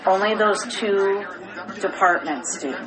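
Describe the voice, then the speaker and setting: A woman's voice: medium pitch, slow pace, crowd noise, rough recording. A woman co-hosting a casual podcast, explaining things in plain terms and asking leading questions. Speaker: podcast co-host. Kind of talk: casual chat.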